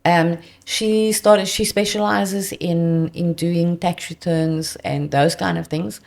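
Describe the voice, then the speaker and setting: Gravelly-voiced South African woman. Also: lowish voice, takes it slowly. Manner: earnest, animated client anecdotes. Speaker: debt counsellor guest. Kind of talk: conversational storytelling.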